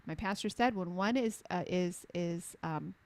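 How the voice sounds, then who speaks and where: A woman's voice: on the low side, measured pace. A middle-aged woman, a health coach talking with passion. She hammers points home by repeating them and acts out quotes as she tells stories. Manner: emphatic, repeats phrases for punch; animated storyteller acting out quotes. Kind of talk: impassioned conversational advocacy.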